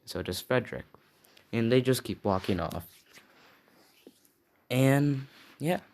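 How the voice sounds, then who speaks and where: A man's voice: medium pitch, expressive, slow, darkish tone. A young man casually telling an improvised fan story, rambling and stopping to recall details.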